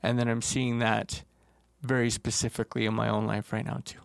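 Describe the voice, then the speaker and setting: A man co-hosting a podcast, talking earnestly and haltingly about painful experiences, close to tears and repeating words as he gathers his thoughts. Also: medium pitch, flat delivery, creaky, no room sound. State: tearful. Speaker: podcast co-host. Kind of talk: emotional casual conversation.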